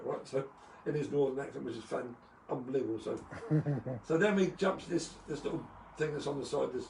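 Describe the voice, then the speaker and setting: Gravelly man, rambling chuckling anecdotes, echoey room, distant mic. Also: medium pitch, fairly quick, a little mellow, a little hiss or hum. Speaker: interview guest, former motocross champion. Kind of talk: casual storytelling. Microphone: live video call.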